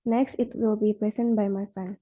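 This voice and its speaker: A young Indonesian-accented woman presenting on word stress for a class, slowing down to model stressed words. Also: mid-range voice, fairly even intonation. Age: young adult. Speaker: student presenter. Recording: muffled lo-fi recording.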